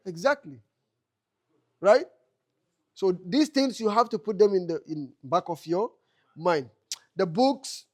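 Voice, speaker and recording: In a mosque classroom, an Arabic teacher with a high, slightly mellow voice gives a lecture. He keeps posing questions to his students and answering them himself, repeating key phrases to drive his points home.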